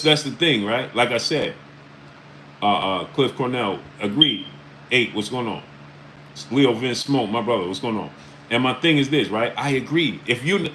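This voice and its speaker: Guy doing a casual livestream, bright voice, keeps saying right? and uh, little hiss behind. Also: medium pitch, poor audio. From New York area. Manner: repeats "right?" and "uh" often, shouting out chat names. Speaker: livestream host. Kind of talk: casual live-stream commentary. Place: New York.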